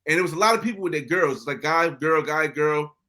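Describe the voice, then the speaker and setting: An American man, a podcast guest, telling travel stories in a casual, animated way, often acting out other people's lines. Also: on the high side, brisk. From United States. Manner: animated, acts out quoted dialogue. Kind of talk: casual storytelling interview.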